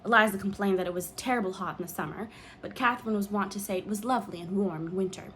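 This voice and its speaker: A woman narrating an audiobook in a measured, expressive way. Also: mid-range voice, a little hiss or hum. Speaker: audiobook reader.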